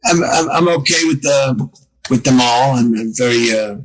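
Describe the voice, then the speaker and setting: A man's voice: mid-range voice, moderate pace, over a noisy crowd, rough recording. A man talking casually as a podcast guest, often stammering and repeating his words. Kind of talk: casual interview chat. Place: Austin, Texas.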